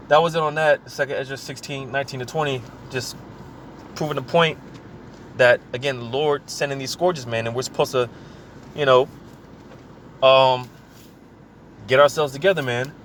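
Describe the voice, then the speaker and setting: A man's voice: medium pitch, fairly bright tone. Casual man preaching over faint traffic. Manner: casual, repeats filler words like "man" and "you know"; reads scripture aloud slowly. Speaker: scripture teacher. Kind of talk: informal preaching.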